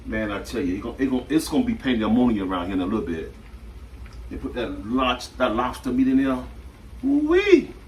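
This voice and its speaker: A man's voice: medium pitch, fast talker, echoey room, slight background noise. Chatty man cooking at the stove. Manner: chatty and relaxed, repeats himself often. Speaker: home cook and channel host. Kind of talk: casual cooking demonstration. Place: home kitchen at the stove. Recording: distant mic with loud sizzling from the pan.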